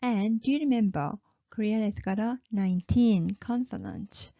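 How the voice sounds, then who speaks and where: A woman teaching a pronunciation lesson, patiently repeating each sound slowly. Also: mid-range voice, animated, gravelly, warm tone, dry recording, dull audio. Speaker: language teacher.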